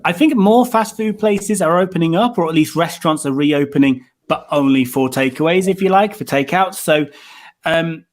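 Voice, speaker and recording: A man's voice: on the high side, normal speed. A man from near Coventry with a mild English Midlands accent, chatting casually as a guest on a video call, rambling and restarting often. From England, near Coventry. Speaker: documentary filmmaker guest.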